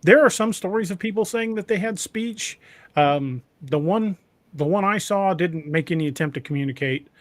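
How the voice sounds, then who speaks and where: Guy hosting a podcast, kinda high voice, stumbles and restarts a lot, dry close sound. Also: no room sound. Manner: halting, stammers and restarts often. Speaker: podcast host. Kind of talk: casual podcast conversation.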